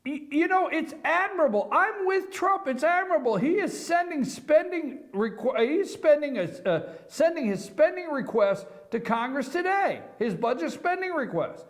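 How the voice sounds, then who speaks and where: Brief: male morning show host, very high voice, emphatic monologue full of rhetorical questions. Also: very animated, moderate pace, hardly any pauses. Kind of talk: opinion commentary monologue. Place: office.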